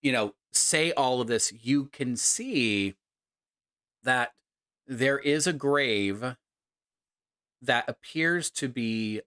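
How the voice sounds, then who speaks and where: A man narrating a tabletop role-playing game as game master, in a deliberate, halting way. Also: mid-range voice, lively intonation, a bit bright, dry recording, studio quality.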